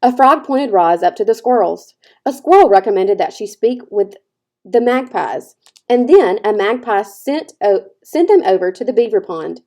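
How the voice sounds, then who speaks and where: A woman teacher reading a children's novel aloud with expressive storytelling. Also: medium pitch, normal speed. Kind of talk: children's book read-aloud.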